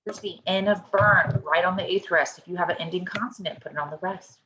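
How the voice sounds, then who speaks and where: A woman with a fairly low, bright, pushed voice speaks fairly quickly over a slight hiss or hum. She's giving an online choir lesson by video call, encouragingly walking through a score step by step and often asking "okay?". The call audio is dull and lo-fi.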